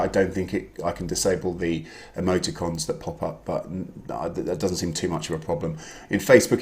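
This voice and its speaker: A man's voice: sits low, a little mellow. A man hosting an online quiz, chatting casually and greeting viewers by name. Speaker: quiz host. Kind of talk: casual live-stream chat.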